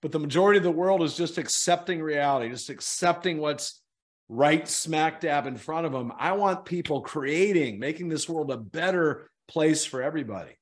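A middle-aged man, a guest in an interview, telling an animated story and acting out the people in it. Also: on the high side, moderate pace.

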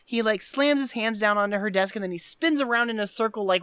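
Animated woman podcast host, dry sound. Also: mid-range voice, fast, clear, resonant tone, dry recording. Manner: animated, recounts scenes with lots of "like" fillers. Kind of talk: casual podcast chat recapping a film.

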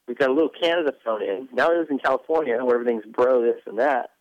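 A man's voice: medium pitch, very fast. A man co-hosts a casual chat, wry and joking, letting his thoughts ramble loosely. His voice sits in an ordinary middle range. The recording is slightly dull and lo-fi, and dry with no room echo. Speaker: podcast co-host.

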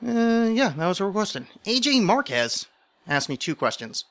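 A man's voice: sits high, sing-song, normal speed, fairly bright tone. A man hosting a podcast in a casual solo monologue, rambling and self-deprecating, with many restarts and asides. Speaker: podcast host.

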